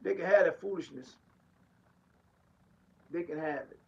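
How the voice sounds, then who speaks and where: A man's voice: fairly high pitch, a little slow, gravelly, a little mellow, husky, muffled recording. A man, a pastor preaching a street-style podcast monologue with emphatic, rhetorical repetition. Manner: emphatic and rhetorical, repeats lines and laughs between points.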